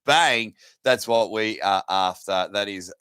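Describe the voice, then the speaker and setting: A man's voice: fairly low pitch, slow, pushed and bright, clear, resonant tone, dry recording. An Australian man co-commentating a sports event in jokey, enthusiastic banter. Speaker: guest co-commentator. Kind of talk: casual sports commentary chat.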